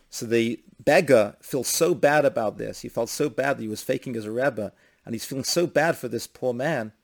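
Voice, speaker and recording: A man giving a storytelling holiday sermon in a loose, conversational way. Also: mid-range voice. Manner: conversational, many restarts, rising to emphatic blessing.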